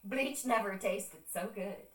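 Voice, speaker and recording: A woman's voice: medium pitch, takes it slowly, far from the mic. A young Irish woman telling stories in casual stream chat, swearing freely and acting out what people said. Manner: chatty storytelling, swears freely, acts out quoted voices. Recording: echoey room, voice a bit off-mic.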